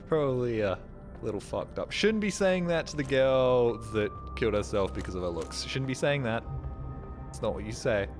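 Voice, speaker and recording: A man casually commenting while he plays a horror game live, rambling and joking, swearing and yelling at scares. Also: mid-range voice, animated, moderate pace, over music. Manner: rambling, jokey, swears, yells at jump scares. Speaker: streamer.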